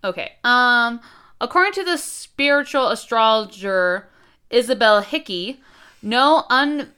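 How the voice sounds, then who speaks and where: A young woman with a bright, crisp voice chats casually with a friend. She reads aloud, jokes playfully and laughs often. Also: on the high side, expressive, measured pace. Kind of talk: casual chat, reading aloud.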